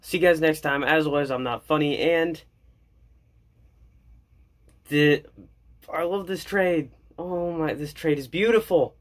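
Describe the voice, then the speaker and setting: A man vlogging as an excited hockey fan, gushing and jokey, repeating his lines. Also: a little high, unhurried, long pauses. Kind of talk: excited fan commentary to camera.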